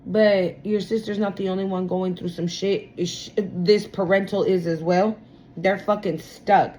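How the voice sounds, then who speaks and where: A woman's voice: medium pitch, darkish tone, low-quality recording. A woman reading tarot in a loose, casual voice. She is blunt and heavily profane, and she leans into her points by repeating them. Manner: profane, emphatic and repetitive. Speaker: tarot reader.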